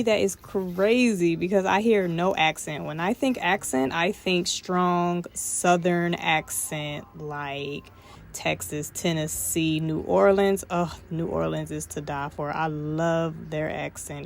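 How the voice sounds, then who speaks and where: A woman with a Detroit accent, chatting playfully and directly to her viewers in a casual mom vlog. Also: on the low side. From Detroit, USA. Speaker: mom vlogger.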